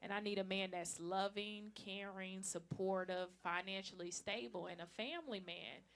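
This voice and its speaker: A woman in her thirties doing a stand-up comedy set, brash and teasing the crowd, with loud acted-out bits. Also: medium pitch, steady tone, normal speed. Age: 30s. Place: comedy club stage. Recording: live club recording with crowd. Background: audience laughter.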